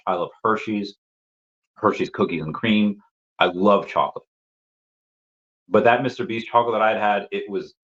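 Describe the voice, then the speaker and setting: A man's voice: low voice, fairly bright tone. A man hosting a casual live stream who reads chat messages aloud, rambles with repeated words and laughs often, and coughs while getting over an illness. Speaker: livestream host answering chat. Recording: dull lo-fi stream audio.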